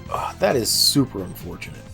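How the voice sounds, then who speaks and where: Low-voiced streamer with a sore throat. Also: male voice, big pitch swings, fairly quick, vocal fry, over music. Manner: chatty, self-deprecating, laughs often. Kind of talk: casual gameplay livestream chat.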